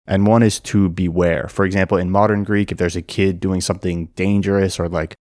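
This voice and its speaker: A man narrating an educational video and explaining things clearly and methodically. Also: low-pitched, flat delivery, brisk, darkish tone, dry recording, studio quality. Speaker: language explainer.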